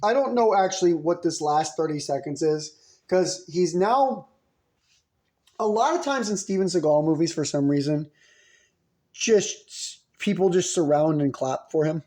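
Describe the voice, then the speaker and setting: A man's voice: fairly high pitch, measured pace, darkish tone. A man riffing in a comedic monologue, rambling and sarcastic, bouncing between ideas. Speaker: podcast host.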